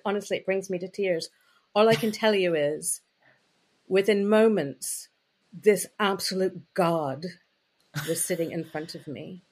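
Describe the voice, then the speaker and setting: Female interview guest, slightly low pitch, candid conversational storyteller. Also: unhurried. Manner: chatty, frank, full of "you know" and "like" fillers. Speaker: interview guest, intimacy coach.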